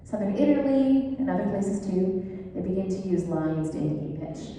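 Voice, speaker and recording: A woman's voice: mid-range voice, lively intonation, normal speed, mellow, slight background noise. A woman giving a casual, chatty classroom lecture, enthusiastic and sprinkled with fillers. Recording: echoey hall, voice far from mic.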